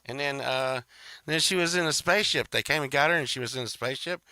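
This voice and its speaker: A man's voice: medium pitch, fast, pushed and bright, no echo, clean studio sound. A man hosting a podcast, telling a story in a rambling, profane, casual way with laughing asides. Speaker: podcast host.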